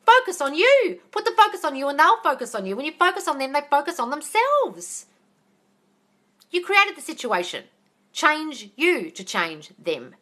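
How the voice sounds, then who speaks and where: Bright-voiced, blunt woman on a live Q&A. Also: high-pitched, sing-song, moderate pace. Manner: blunt and profane, calls listeners darling. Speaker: manifesting coach answering live questions. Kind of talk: casual live Q&A. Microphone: phone.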